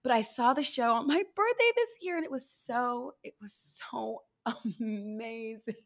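Casting: effusive woman podcast host, slightly high voice, casual and giggly. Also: unhurried. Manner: bubbly, effusive, laughs often. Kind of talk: casual chat.

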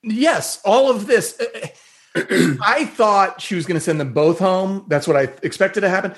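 A man guest on a podcast, giving his opinion in unhurried, drawn-out phrasing. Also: sits high, a bit bright. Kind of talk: casual chat.

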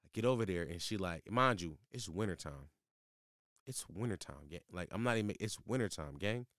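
A man's voice: a little fast, no room sound, clean studio sound. Slangy young man telling a story. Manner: profane, slangy, animated; voice jumps high when exasperated. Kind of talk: casual storytelling.

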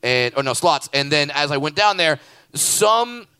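Male comic co-host, live stage podcast, high clear voice, dry close sound, loose crude riffing. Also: expressive, measured pace, no echo. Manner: loud joking riffs, frequent filler words. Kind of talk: live comedy podcast banter. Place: stage at a live comedy show.

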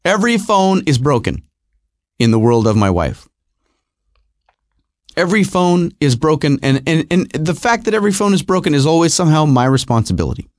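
A middle-aged man telling a personal story in an animated, repetitive, self-mocking way. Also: fairly high pitch, fairly quick, no echo, studio quality.

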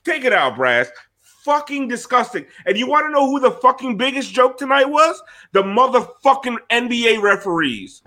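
Podcast host, male, high and sharp, profane furious sports rant. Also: very animated, moderate pace. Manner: furious, cursing, shouting at referees and fans.

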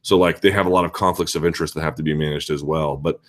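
A male host of a live chat show, talking casually and answering viewer questions in an animated, ranting, sarcastic way. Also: a bass voice, quick pace.

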